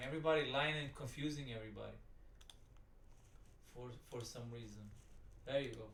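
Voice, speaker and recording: A man's voice: a little high, a bit bright. A man giving profane, exasperated, rambling commentary while reacting to a video. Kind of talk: ranting commentary. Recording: roomy sound, distant from the mic.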